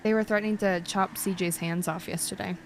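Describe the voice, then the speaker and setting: A woman's voice: mid-range voice, fairly even intonation, brisk, a little hiss or hum. A woman chatting in character as a roleplay lawyer, rambling through a story with lots of fillers.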